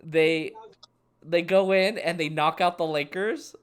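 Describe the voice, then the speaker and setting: A man's voice: a little high, takes it slowly, a loud crowd. Rambling young man talking basketball. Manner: rambling, restarts thoughts mid-sentence. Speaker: podcast co-host. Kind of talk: casual sports chat.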